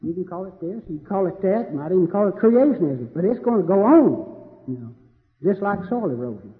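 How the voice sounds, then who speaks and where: High-voiced folksy man debating. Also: animated, brisk. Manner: folksy, joking, repeats himself. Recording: tinny lo-fi audio in a reverberant hall.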